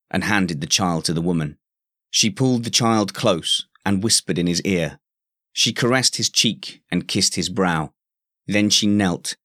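Deep-voiced man narrating a story. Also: a bit bright, no echo, studio quality. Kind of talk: scripted narration.

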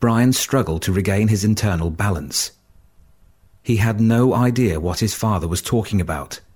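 A man reading a story aloud as audiobook narration, measured and steady. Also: fairly low pitch, husky.

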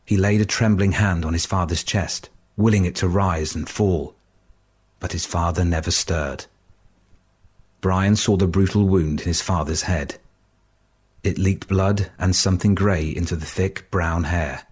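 A man reading a story aloud as audiobook narration, measured and steady. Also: deep voice, husky.

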